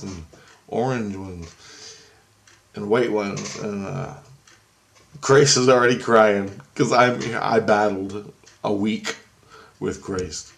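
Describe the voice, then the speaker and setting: Low-voiced man rambling through a dream story. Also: vocal fry, fairly bright tone. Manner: halting, meandering, many fillers and restarts. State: just woken up, clearing his throat. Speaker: video blogger recounting a dream.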